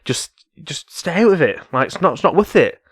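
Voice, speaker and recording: A man's voice: fairly high pitch, lively intonation, brisk, fairly bright tone, breathy edge, no room sound, clean studio sound. A man co-hosting a football podcast, telling casual anecdotes with hesitant fillers. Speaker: podcast co-host.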